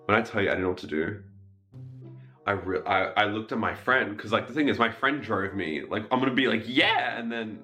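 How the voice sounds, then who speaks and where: A young man with a fairly low voice tells a comic story about himself in a loose, chatty way. He keeps switching into high, squeaky voices to quote people, and faint music plays underneath. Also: a little fast. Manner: animated, mimics voices in high squeaky tones.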